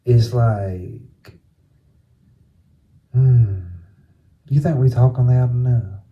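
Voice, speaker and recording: A man's voice: medium pitch, extremely slow, dull audio. A man co-hosting a podcast, telling a story in profane, casual chat with laughs. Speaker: podcast co-host.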